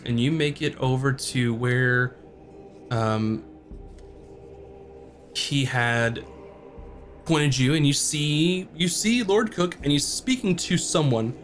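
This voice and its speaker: A man narrating as game master, halting with frequent ums. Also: mid-range voice, a little hiss or hum. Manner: hesitant, lots of ums.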